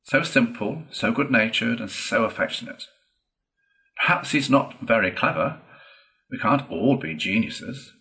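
A man voicing a cheerful, good-natured male water rat who talks briskly and confidently in a storybook reading. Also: mid-range voice, animated, gravelly, pushed and bright, full character voice, rough recording.

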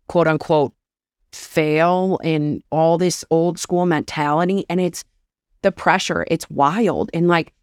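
Speaking candidly as a podcast guest, a thirtysomething woman opens up about being a mother, her casual speech peppered with "like." The low voice comes through clean, echo-free, in studio quality.

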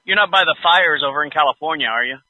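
A man on a prank call, deadpan and playing dumb, making folksy small talk. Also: a little high, fast talker, no room sound, narrow, tinny audio. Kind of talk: prank call played straight.

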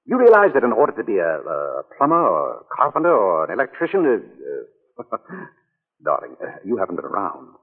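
A charming, evasive young husband with a slightly husky voice that swoops very widely as he teases. He hedges and laughs things off. The sound is a tinny old radio broadcast with a long reverb. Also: on the low side, wildly swooping pitch, moderate pace, heavily acted. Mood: teasing. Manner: teasing, hesitant with uhs, laughs easily. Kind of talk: 1940s radio acting.

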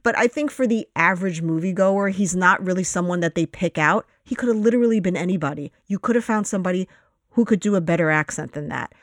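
A woman's voice: on the low side, quick pace, no room sound, clean studio sound. A woman co-hosting a casual film review podcast, blunt and opinionated, with the odd swear. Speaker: podcast co-host.

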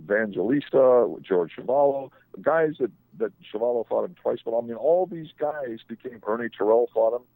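A man's voice: mid-range voice, expressive, normal speed, vocal fry, hardly any pauses, dry recording, phone-quality sound. An older man, a sports agent, telling rambling anecdotes on a radio talk show, often restarting his sentences.

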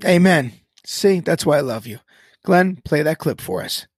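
A man hosting a podcast with an emphatic, preacherly way of speaking. His voice sits high for a man. The sound is dry and close on the mic. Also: animated, unhurried, slightly rough, dry recording. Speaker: podcast host. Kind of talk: podcast chat on Christian topics.

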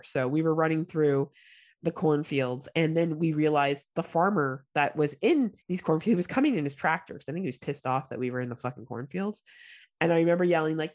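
Swearing, animated woman podcast co-host. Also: low voice. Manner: profane, animated storytelling. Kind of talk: casual chat.

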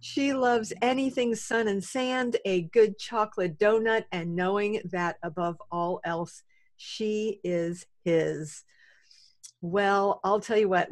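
A woman hosting a faith podcast, introducing her guest and asking questions in an effusive way. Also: medium pitch. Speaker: podcast host.

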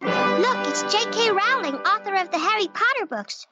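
A woman's voice: very high voice, expressive, moderate pace. Lisa Simpson, an eager cartoon schoolgirl. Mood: gushing. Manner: eager, gushing. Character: bright eager young schoolgirl fan. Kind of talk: cartoon voice acting. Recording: dull cartoon clip, faint music.

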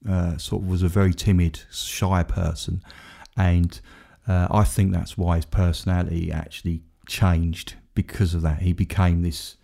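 Deep gravelly man chatting. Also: level tone, moderate pace, hardly any pauses, warm tone. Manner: rambling, self-mocking, laughs often. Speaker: podcast co-host. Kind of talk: casual chat.

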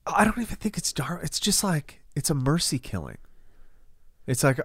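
A man co-hosting a podcast in casual chat, snarky and quick to laugh. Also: fairly high pitch, slightly rough, dry recording, clean studio sound. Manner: snarky, laughs often, animated. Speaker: podcast co-host.

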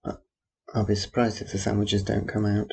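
A man's voice: fairly low pitch, monotone, a little fast, gravelly, dark tone, husky. A man rambling through a personal audio diary, making dry, wry asides about passers-by. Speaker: theatre worker.

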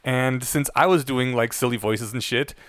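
A man co-hosting a podcast, telling a long story in a loose, chatty way. He restarts his sentences often and laughs easily. His voice sits at an ordinary pitch and sounds dry and close to the mic. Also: moderate pace, a bit bright, no echo. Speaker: podcast co-host. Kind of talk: casual podcast chat.

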